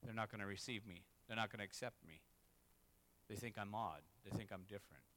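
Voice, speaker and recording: A man's voice: lowish voice, fairly quick, bright, forceful tone. A man, a pastor, preaching a candid, confessional sermon that rises to emphatic peaks. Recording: long reverb in a hall.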